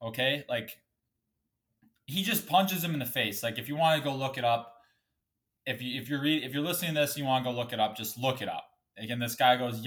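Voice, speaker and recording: A heated podcast host going off in a profane solo rant, recorded in his bedroom. His voice sits at an ordinary pitch for a man and carries a slight sniffle. He keeps pushing harder as he vents. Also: brisk, fairly bright tone. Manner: angry, profane, swears often.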